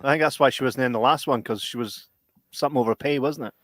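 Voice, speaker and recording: A man's voice: mid-range voice, fast talker, fairly bright tone, no echo. A Scottish man hosting a podcast, telling stories animatedly and swearing freely. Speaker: podcast host. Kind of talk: casual chat.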